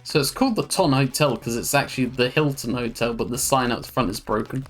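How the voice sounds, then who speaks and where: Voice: mid-range voice, a little fast. A streamer casually commenting while playing a video game, swearing now and then. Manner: casual, swears, laid-back.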